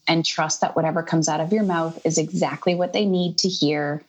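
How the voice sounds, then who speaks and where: With a low-pitched voice at a moderate pace, a woman in her thirties guests on a podcast and casually relates a personal story. She acts out the people in it, quoting herself and others with animated, lively voices.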